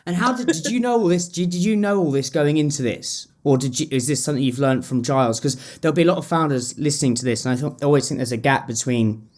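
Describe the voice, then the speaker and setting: A man's voice: a little high, fast, hardly any pauses, darkish tone. A man hosting a podcast, chatting loosely with swearing and jokey banter. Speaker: podcast host. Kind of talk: casual interview chat.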